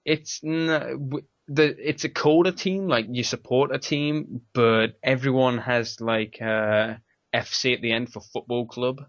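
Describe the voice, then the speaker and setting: A man's voice: mid-range voice, fairly even intonation, measured pace, a bit bright, no echo. A man with an English accent hosting a casual podcast chat, rambling and laughing often. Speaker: podcast host. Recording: dry, dull lo-fi mic.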